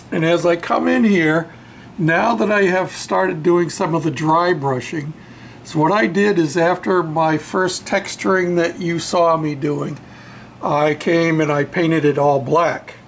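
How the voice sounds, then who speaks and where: A man talks slowly in a gravelly, fairly high voice, pausing often and filling gaps with "uh" and "um". He walks through his railroad backdrop in a relaxed show-and-tell. Faint room noise sits behind him in his home workshop. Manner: unhurried, halting, with many fillers. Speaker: model railroad hobbyist showing his painted backdrop.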